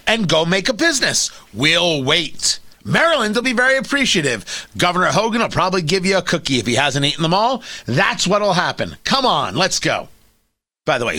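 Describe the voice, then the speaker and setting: A man's voice: sits high, bright, forceful tone, dry recording. A man hosting a talk radio show, delivering an opinionated monologue with sarcastic, mocking asides.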